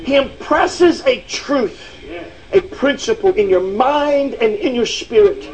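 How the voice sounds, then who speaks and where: High-pitched impassioned male preacher. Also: animated, takes it slowly, rough recording. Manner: impassioned, emphatic preaching with frequent "uh" fillers. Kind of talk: sermon. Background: faint congregation responses.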